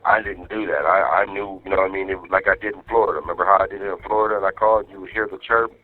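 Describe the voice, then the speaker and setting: Low-voiced man on a tinny phone line. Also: racing. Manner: profane, animated storytelling, acting out others' lines. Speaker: inmate on a phone call to his wife. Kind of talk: casual phone chat.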